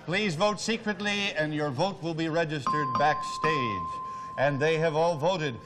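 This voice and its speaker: A man hosting a game show, jovial and quick with jokes, in a 1970s TV studio with an audience. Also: a little high, over loud music.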